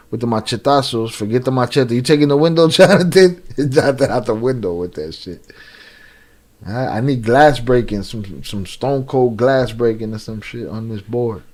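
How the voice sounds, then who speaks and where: A man's voice: medium pitch, darkish tone. A man giving casual, slangy reaction commentary on a video, joking and laughing as he talks. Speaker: reaction streamer.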